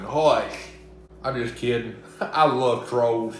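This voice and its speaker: A man's voice: medium pitch, slow. A young man from Mississippi with a Southern accent, chatting casually as he cooks and joking back at imagined critics. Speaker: cooking vlogger. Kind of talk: casual cooking vlog. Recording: very echoey room.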